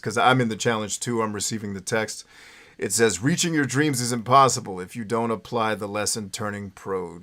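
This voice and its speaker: With a fairly low but slightly bright voice, a man hosts a relaxed livestream. He speaks loosely and often checks in with "right?", swearing when he gets worked up, and his manner echoes a former radio voice reading phone numbers.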